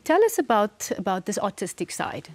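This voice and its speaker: Host: woman, bright and chatty interviewer, mid-range voice. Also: medium pitch, sing-song, moderate pace. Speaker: talk show host. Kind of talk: morning talk show interviewing.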